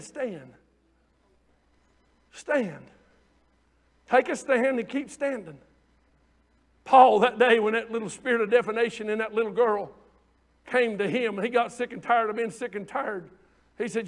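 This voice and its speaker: A man preaching a fervent sermon, rising to shouts and calling out to the congregation. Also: extremely high pitch.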